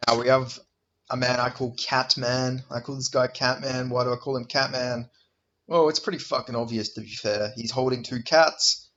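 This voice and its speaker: A man's voice: mid-range voice, steady tone, normal speed, a bit bright. A young man giving casual, profane, joking commentary in a rambling way, on a slightly dull recording with faint hiss. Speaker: video commentator.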